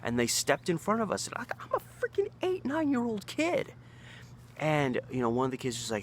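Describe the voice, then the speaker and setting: A man's voice: on the high side, big pitch swings, a little fast, a little hiss or hum. A man in his thirties from Oregon, telling a story in a casual, rambling way with frequent restarts and acted-out quotes. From Oregon, USA. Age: 30s. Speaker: local history storyteller.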